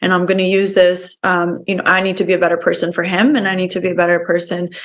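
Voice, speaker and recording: A woman's voice: on the low side, level tone, quick pace. A young woman guest on a podcast, telling her personal story earnestly, with many fillers like "like" and "you know".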